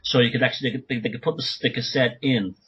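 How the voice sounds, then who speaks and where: A man talking as a guest author on a podcast interview, speaking urgently in rapid bursts with many restarts. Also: mid-range voice, fairly even intonation, a bit bright, husky, lo-fi sound.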